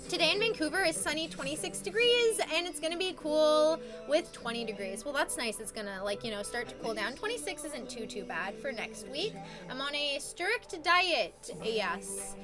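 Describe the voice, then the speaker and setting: A woman streaming live, chatting casually with her viewers, rambling and swearing as she gets worked up and reads chat messages aloud. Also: high-pitched. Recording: music playing behind.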